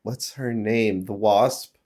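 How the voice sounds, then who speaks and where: A man's voice: on the low side, fairly even intonation, darkish tone. A man co-hosting a podcast, chiming in bluntly and agreeably during a casual book discussion. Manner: agreeable, quick to chime in, blunt. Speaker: podcast co-host.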